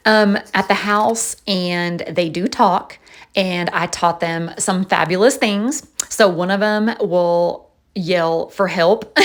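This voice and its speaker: A woman's voice: lowish voice, slow pace. A woman chatting casually in a voice-over, telling stories and laughing often. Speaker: planner vlogger.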